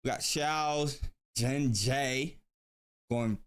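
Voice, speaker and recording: A man hosting a tournament live stream, talking casually and thinking aloud with frequent pauses and ums. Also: mid-range voice, smooth. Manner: laid-back, thinks aloud with many ums.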